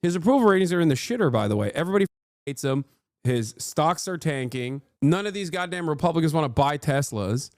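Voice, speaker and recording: A man in his thirties doing casual livestream commentary from home, profane, excitable and mocking as he rants about the news. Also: a little high, a little fast, dry recording. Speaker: streamer reacting to news. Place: home streaming room.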